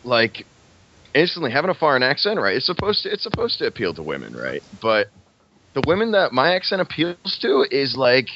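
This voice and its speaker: A man's voice: medium pitch, wildly swooping pitch, fairly quick, muffled recording, background noise. A man with an American accent, chatting casually as a podcast co-host, rambling and swearing freely. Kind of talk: casual chat.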